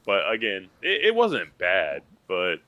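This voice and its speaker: A man with a deep, low voice co-hosts a casual movie review podcast. He rambles and acts out quotes as he goes. The sound is close and dry. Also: huge pitch swings, a little slow, sharp tone, no room sound. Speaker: podcast co-host.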